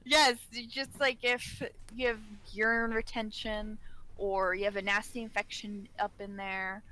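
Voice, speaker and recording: A woman's voice: mid-range voice, level tone, measured pace, sharp tone, rough recording. A woman co-hosting a casual podcast, telling a work story and laughing often as she talks. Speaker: podcast co-host, care worker.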